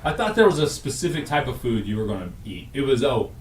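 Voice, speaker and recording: A man's voice: medium pitch, big pitch swings, quick pace, reverberant, recorded from a distance, a little hiss or hum. A man co-hosting a radio show, chatting casually, rambling and correcting himself as he goes. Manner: rambling, self-correcting, laughs at own jokes. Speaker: radio co-host. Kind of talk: casual morning radio banter.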